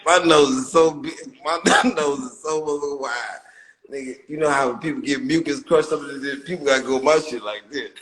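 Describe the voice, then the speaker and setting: A man riffing comic bits in casual chat, loudly repeating his setups and breaking into high bursts of laughter. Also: fairly quick, a crowd in the background. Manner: loud, repetitive joke-building with bursts of high laughter.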